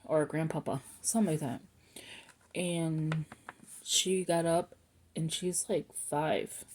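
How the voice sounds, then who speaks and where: A middle-aged woman with a low, darkish voice talks slowly at home, with slight background noise behind her. She's a planner vlogger in a casual, rambling chat, interrupting herself, losing her thread and circling back.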